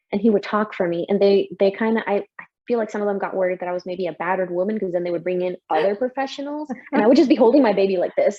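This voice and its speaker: A young mother shares her experience in an open, emotional way, with frequent laughs. Her voice is mellow and soft-edged. The recording sounds dull and slightly lo-fi. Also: medium pitch, fast talker. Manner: emotional, lively, laughs often. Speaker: interviewee, mother. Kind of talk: candid personal story.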